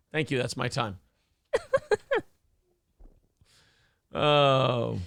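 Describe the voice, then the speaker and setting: A man with a high, gravelly voice and a sharp, bright edge hosts a comedy morning show. He riffs crudely and sarcastically, then slips into mock-solemn speechmaking. The sound is close and dry. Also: extremely slow, pauses often, no room sound.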